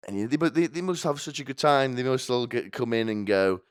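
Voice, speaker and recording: A man's voice: medium pitch, quick pace, smooth, dry recording, studio quality. A man hosting a podcast, delivering a rambling, sardonic comedic monologue full of restarts. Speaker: podcast host.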